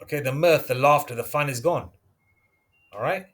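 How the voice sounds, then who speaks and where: A man's voice: mid-range voice, normal speed, fairly bright tone. A man giving an informal Bible teaching, rambling in street slang and swearing freely. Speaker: preacher.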